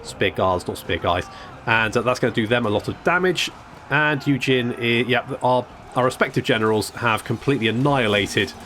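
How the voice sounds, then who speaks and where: A man's voice: medium pitch, moderate pace, sharp tone. Guy narrating his strategy game, dry jokes, swears a bit, faint hum behind. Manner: chatty, wry, swears casually, trails off and restarts. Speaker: gameplay commentator. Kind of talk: casual let's-play commentary.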